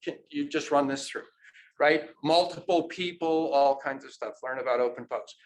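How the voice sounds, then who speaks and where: A man's voice: fairly high pitch, normal speed, low-quality recording. A man giving an informal conference talk, often checking in with "right?". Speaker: academic presenter. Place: conference room.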